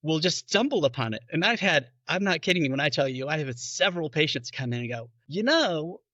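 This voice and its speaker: A man's voice: fairly high pitch, expressive, a little fast, bright, forceful tone, dry recording, dull audio. A man who is a bariatric physician, patiently explaining in a podcast interview and acting out his patients' questions.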